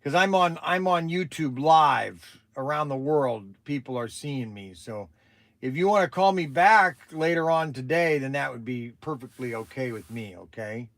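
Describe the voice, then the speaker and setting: A man's voice: medium pitch, expressive, normal speed, a bit bright, dry recording. A man hosting a casual livestream, talking in a chatty, rambling way with many restarts. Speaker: livestream host.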